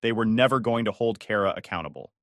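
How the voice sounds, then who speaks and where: A man's voice: fairly low pitch, expressive, fast, a bit bright, no echo, studio quality. A male text-to-speech voice narrating a first-person family drama story.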